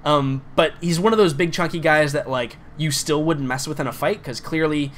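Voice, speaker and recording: A man's voice: a little high, moderate pace, slight background noise. Rambling male game master. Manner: rambling, many fillers. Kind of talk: narrating a tabletop game.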